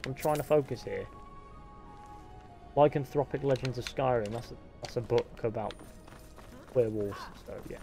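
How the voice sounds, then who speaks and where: A young man streaming a game live, chatting casually, swearing freely and answering his chat out loud. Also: mid-range voice, normal speed, gravelly, pauses often, music in the background.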